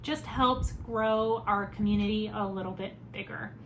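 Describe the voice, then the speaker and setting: Woman podcast host, mid-pitched, casual and rambling delivery, steady hiss under the track. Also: normal speed, poor audio. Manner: relaxed, rambling, fills gaps with "you know". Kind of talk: casual chat. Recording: steady background noise.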